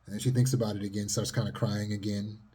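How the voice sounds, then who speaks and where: A calm man teaches trauma healing in a low, mellow voice with a very breathy, husky texture. He speaks steadily and at times sinks almost to a whisper. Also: fast talker. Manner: calm, steady, sometimes dropping to a near whisper. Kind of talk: teaching monologue.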